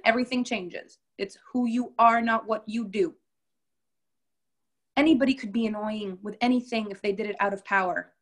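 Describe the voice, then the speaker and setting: A middle-aged woman leading a group coaching call, lively and acting out the voices she quotes. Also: fairly high pitch, moderate pace. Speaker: business coach.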